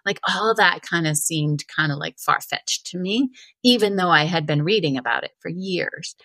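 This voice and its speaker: A middle-aged woman from Vermont, a wellness coach telling a personal story in a chatty interview, full of "like" and animated retellings. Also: lowish voice, normal speed, no room sound. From Vermont, USA. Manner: chatty, heavy use of filler "like", animated retelling.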